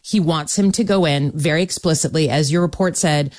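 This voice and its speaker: Low-pitched lady senator, earnest, lots of ums, dry close sound. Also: darkish tone, no room sound. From Michigan. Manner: measured, earnest, with frequent ums. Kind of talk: political interview.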